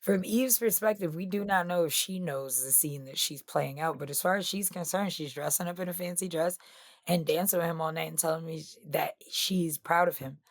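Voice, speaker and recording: A woman co-hosting a podcast review, talking in an animated, blunt way and swearing freely. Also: lowish voice, moderate pace, no room sound. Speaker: podcast co-host. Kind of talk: casual chat.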